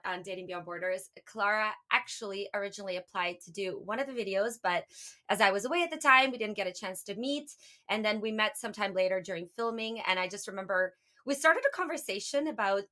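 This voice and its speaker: Bright-voiced woman hosting a podcast. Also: medium pitch. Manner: friendly, measured questions with fillers. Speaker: podcast host. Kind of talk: podcast interview.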